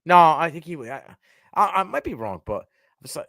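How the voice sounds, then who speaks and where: Lively high-voiced man in sports chat. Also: a little fast, no echo. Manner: animated, trails off and restarts. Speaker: podcast co-host.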